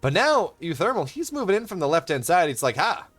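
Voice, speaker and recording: Lively young male esports caster. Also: fairly high pitch, faint music behind. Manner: rambling, self-interrupting, quick to laugh. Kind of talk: live game commentary.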